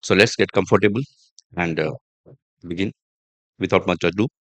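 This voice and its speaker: A man hosts a podcast lesson on pronunciation, his voice sitting on the low side. He talks deliberately and repeats himself, with fillers and restarts along the way. The sound is dry and close, with no room around it. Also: fairly bright tone, dry recording. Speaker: podcast host and English teacher. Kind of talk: instructional podcast monologue.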